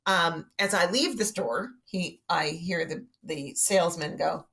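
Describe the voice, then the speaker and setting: A woman's voice: fairly low pitch, moderate pace, few pauses, fairly bright tone. A woman guest telling a funny anecdote on a podcast, acting out quotes as she goes. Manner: chatty storyteller, acts out quotes. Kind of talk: casual comedic anecdote.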